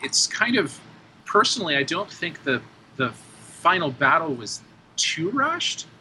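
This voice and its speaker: A man with a very bright, sharp tone who picks his way through his thoughts with halting restarts and a self-deprecating edge. Faint noise hisses behind him. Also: fairly high pitch, very animated, poor audio. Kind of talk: casual conversation.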